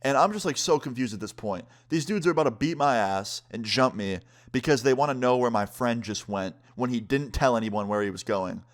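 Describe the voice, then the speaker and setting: A young man on his vlog spinning a casual storytime at an everyday pitch. He talks loosely, leaning on "like" and fillers, and slips into other people's lines as he retells them. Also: fairly quick, hardly any pauses. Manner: chatty, many fillers and "like"; acts out quotes of others. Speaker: vlogger.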